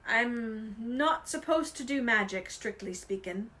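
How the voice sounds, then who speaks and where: Gruff booming giant man, rough and hearty, voice sits high as a woman puts him on. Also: expressive, a little slow, sharp tone. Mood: rueful.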